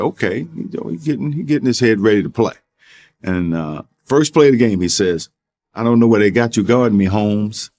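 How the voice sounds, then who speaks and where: A low-voiced man tells a story from his rookie year in a casual interview. He chuckles along the way and keeps slipping in "you know". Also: darkish tone. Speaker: former player recalling rookie year.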